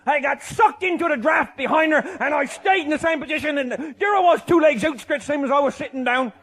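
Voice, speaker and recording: High-voiced, rowdy man with a Newfoundland accent. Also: fairly quick. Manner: boisterous, often shouting and laughing mid-sentence. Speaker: comic storyteller. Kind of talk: comic tall-tale storytelling.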